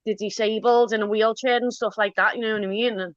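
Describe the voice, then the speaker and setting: A woman's voice: fairly high pitch, fairly even intonation, quick pace, no echo. A woman calling into a live-stream panel, confronting the host firmly about how he talks about autism. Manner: firm, upset, confronting. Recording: dull lo-fi stream audio.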